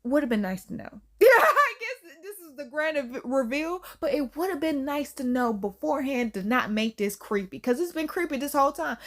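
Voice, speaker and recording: A high-voiced woman recaps a film in a loose, chatty way. She talks with animated slang and frequent laughs. Her voice sits noticeably high for a woman. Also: fairly quick. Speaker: YouTube film reviewer. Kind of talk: casual movie recap.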